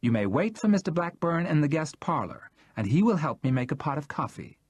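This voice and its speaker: A man's voice: medium pitch, moderate pace, slightly rough, no room sound, clean studio sound, lightly acted. A male narrator voicing a haughty, theatrical man who speaks imperiously with camp sarcasm.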